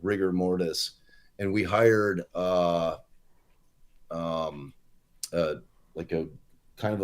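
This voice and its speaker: A man who works as a lawyer, co-hosting a casual podcast and telling a meandering anecdote full of fillers and restarts. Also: sits low. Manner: rambling storyteller, swears freely.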